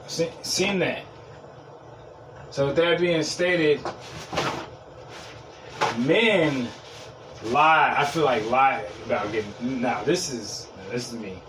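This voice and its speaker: A podcast host rambles through stories in a blunt, profane, casual solo rant. His medium-pitched voice is slow with frequent pauses, picked up by a distant mic with clear background noise.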